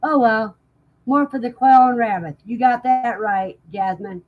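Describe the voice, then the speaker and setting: Slow, chatty woman host. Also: on the high side, narrow, tinny audio. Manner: unhurried, chatty, laughs often. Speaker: livestream host. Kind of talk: casual chat, reading out live comments.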